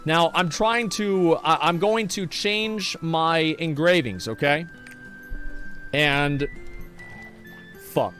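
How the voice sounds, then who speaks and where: A man's voice: fairly high pitch, slow pace, long pauses, a bit bright, faint music behind. Brash, profane male streamer. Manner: brash, profane, rambling, reacting to chat. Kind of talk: casual livestream chat.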